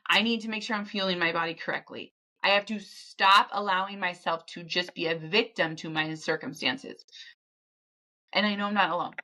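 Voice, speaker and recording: A woman's voice: mid-range voice, pushed and bright. A woman podcast host speaking candidly in a raw, emotional motivational monologue, often repeating herself.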